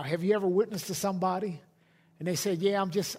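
A man's voice: high voice, brisk, a little mellow. A middle-aged male pastor preaching a sermon to a congregation in a conversational way, often restarting his sentences. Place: church hall.

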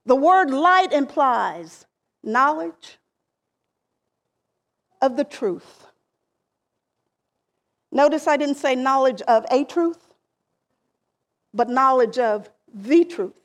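A woman preaching a sermon, deliberate and emphatic, with phrases that rise and then trail off softly. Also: high voice, lively intonation. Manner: slow, deliberate preaching with emphatic rises and soft trailing endings.

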